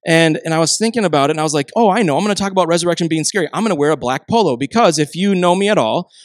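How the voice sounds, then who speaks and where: A man in his forties preaching a sermon, telling a family story with lively acted-out dialogue. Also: a little high, very fast, dry recording. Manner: storytelling, animated, acts out dialogue. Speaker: pastor.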